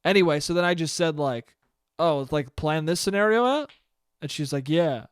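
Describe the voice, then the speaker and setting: Young male podcast host, solo comedic rant, profane and rambling, slightly high voice, smooth tone, dry close mic. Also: expressive, normal speed, dry recording. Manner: profane, rambling, acts out quotes in mock voices.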